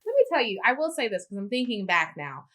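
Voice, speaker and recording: Animated bright-voiced woman telling a story. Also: mid-range voice, quick pace. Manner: animated storyteller, acts out quotes with big swings. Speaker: podcast co-host. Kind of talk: casual chat.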